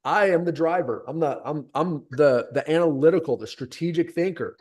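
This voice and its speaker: A man's voice: on the high side, normal speed. A man coaching a group on sales conversations, talking energetically and emphatically straight to his listeners. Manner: energetic, emphatic, direct address. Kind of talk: coaching session.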